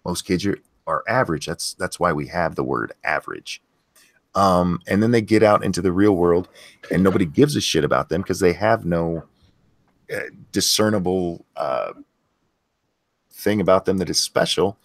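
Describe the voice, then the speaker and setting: Blunt, low-voiced male stream host. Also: moderate pace, no room sound, clean studio sound. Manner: blunt and profane, many fillers and restarts. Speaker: host of a live stream show. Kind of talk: casual opinionated chat, reading chat messages aloud.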